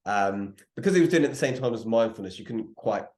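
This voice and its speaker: Low-voiced man in a roomy space. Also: animated, fast talker, a little mellow. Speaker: podcast co-host. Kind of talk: casual chat. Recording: roomy echo.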